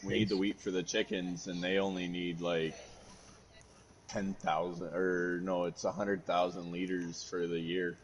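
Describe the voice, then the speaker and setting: A man playing along on a gaming stream, chatting in a low-key, offhand way. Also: little pitch movement, unhurried, a little hiss or hum, rough recording. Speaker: co-player on a game stream. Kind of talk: casual gaming chat.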